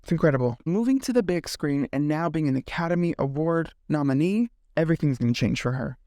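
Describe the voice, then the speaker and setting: A man hosting a casual movie commentary vlog, sassy and animated, swearing freely and slipping into mock voices. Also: a little high, fast, no room sound, studio quality. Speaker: film commentary host.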